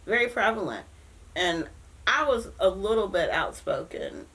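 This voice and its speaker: A woman in her fifties from West Virginia recalls her past in an oral history interview, telling it in a lively way and acting out what people said. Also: medium pitch, a little slow, rough recording. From Jefferson County, West Virginia. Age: 50s. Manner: animated storyteller, acts out quoted voices.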